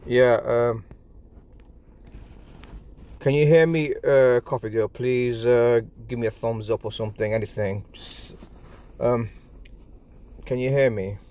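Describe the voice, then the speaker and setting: A man's voice: mid-range voice, fairly even intonation, takes it slowly, long pauses, dark tone. A man with an English accent chatting casually on a live stream from his phone, stumbling over his words and repeating himself. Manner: stammering, repeats words, rambling and apologetic.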